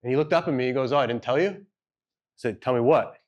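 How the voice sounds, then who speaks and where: A man's voice: medium pitch, fast talker, dull audio. A man speaking at a live event, telling a personal story in a loose, conversational way and acting out the people he quotes. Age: adult with children. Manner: conversational, hedging, acts out quoted dialogue. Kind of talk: storytelling keynote talk. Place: event hall with audience.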